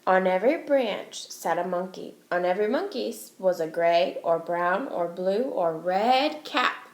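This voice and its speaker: A woman teacher reading a storybook aloud to young children, expressive and slow, asking her listeners questions. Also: fairly low pitch. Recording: echoey room.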